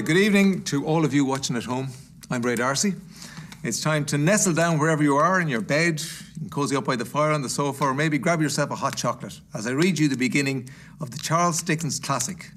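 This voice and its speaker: A man reading a classic story aloud in a measured storytelling manner. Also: a little high, animated, fairly bright tone, slight background noise. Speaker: guest reader.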